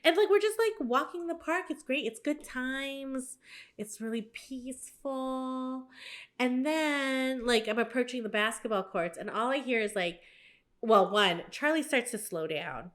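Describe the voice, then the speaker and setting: Animated, cursing woman telling a story. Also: sits high, unhurried. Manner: animated, swearing freely, quoting herself in a raised voice. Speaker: podcast co-host. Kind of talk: casual storytelling chat.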